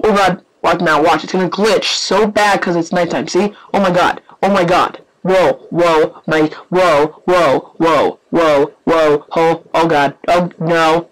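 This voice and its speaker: Rambling, jumpy gameplay host, mid-pitched, chatty, prone to yelps and whispers. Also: poor audio. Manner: rambling, excitable, swings between yelps and hushed whispers; yawning, offhand chatter with many fillers. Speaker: gaming channel host. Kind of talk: live gameplay commentary.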